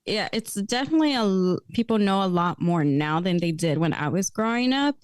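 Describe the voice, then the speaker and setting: A young adult woman telling stories as a podcast guest in casual chat, lively and laughing often. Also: mid-range voice, fairly quick, dry recording.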